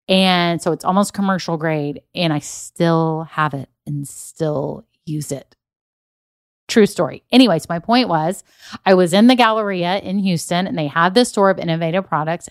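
Lady in her 40s, chatty upbeat coach talk, lowish voice, dry close sound. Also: no echo. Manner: chatty and enthusiastic, many fillers. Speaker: business coach. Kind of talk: casual motivational talk.

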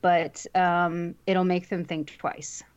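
A woman's voice: lowish voice, little pitch movement, takes it slowly, clear, resonant tone, dull audio. A woman co-hosting a livestream, talking frankly and chattily, thinking aloud as she goes. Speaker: streamer, co-host. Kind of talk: casual chat on a livestream.

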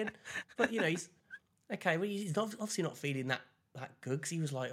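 A man's voice: high voice, very animated, a little fast, pauses often, fairly bright tone, a little hiss or hum. Man telling a rambling story. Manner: rambling storyteller, lots of fillers, laughs at his own stories. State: recovering from flu. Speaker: podcast co-host. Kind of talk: casual chat.

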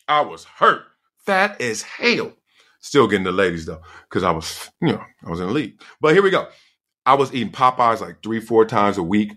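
Hosting a laid-back podcast alone, a middle-aged man tells stories full of loose slang and frequent laughs, sounding like he's catching up with old friends. His voice is bright and forceful, with a pitch that swoops animatedly up and down.

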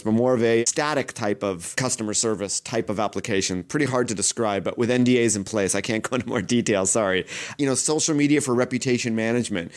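Male consultant, mid-pitched, chatty solo talker who fires off rhetorical questions. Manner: conversational, asks many rhetorical questions. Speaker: social media consultant. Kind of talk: solo podcast monologue.

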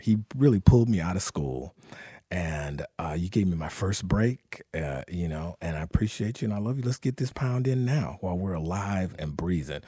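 A man in his sixties, a guest in a casual interview, telling animated, profane stories and laughing as he goes. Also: deep voice, normal speed, husky, dry recording, clean studio sound.

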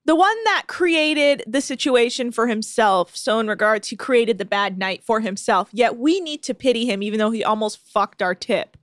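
A woman co-hosts a podcast, retelling the story with a lively, up-and-down voice and quick laughs. The recording is dry and close. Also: on the high side, no echo. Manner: animated storyteller, laughs often. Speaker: podcast co-host. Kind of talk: casual chat recapping a reality show.

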